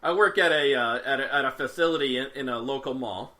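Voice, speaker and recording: A man's voice: mid-range voice, fast talker. A man co-hosting a podcast, telling stories in casual chat and laughing often. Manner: laughs a lot, animated storytelling. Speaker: podcast co-host.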